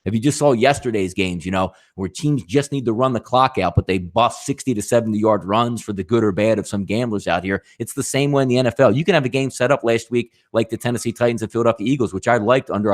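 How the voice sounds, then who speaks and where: A man hosting a live sports betting show, talking animatedly with rhetorical questions and addressing viewers as folks. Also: on the low side.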